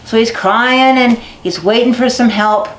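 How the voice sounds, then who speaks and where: A woman telling animal folk tales to children, lively and dramatic, stretching words for effect. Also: fairly high pitch, a little slow, slight background noise. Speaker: storyteller. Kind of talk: storytelling to children. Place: basket making barn. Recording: echoey barn recording.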